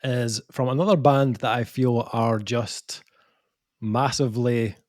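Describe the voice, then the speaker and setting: A man's voice: medium pitch, steady tone, measured pace, darkish tone, no echo, clean studio sound. A man co-hosting a casual podcast, often laughing through his lines. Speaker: podcast co-host.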